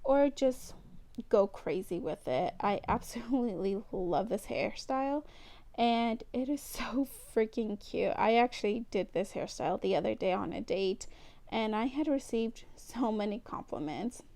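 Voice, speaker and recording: A young beauty vlogger chats casually and giggles through a hair tutorial, teasing herself whenever she slips up. Her voice is on the high side, animated and mellow, and she speaks unhurriedly.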